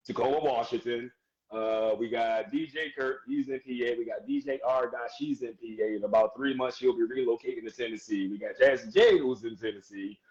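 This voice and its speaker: Male DJ guest, animated and chatty, muffled lo-fi sound. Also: medium pitch, brisk. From United States. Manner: animated, laughs often, gives shout-outs. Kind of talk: casual live-stream interview.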